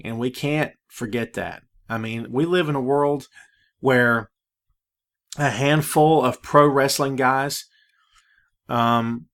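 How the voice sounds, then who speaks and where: A man's voice: medium pitch, a bit bright. A man hosting a solo podcast in a casual, laid-back way, often tossing in "man" and drifting into friendly preaching. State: out of breath. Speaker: podcast host.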